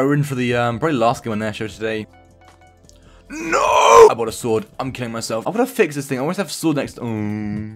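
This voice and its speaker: A man giving sarcastic, self-mocking commentary over his own gameplay as a video host. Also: fairly low pitch. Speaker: gaming YouTuber.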